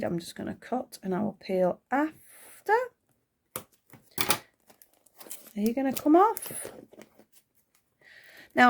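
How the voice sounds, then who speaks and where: A woman's voice: mid-range voice, a little hiss or hum. A woman from the UK chatting as she unboxes and reviews doll accessories, thinking aloud as she goes, with a voice she says is going. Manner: chatty, thinking aloud, small excited gasps. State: losing her voice. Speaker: toy unboxing vlogger.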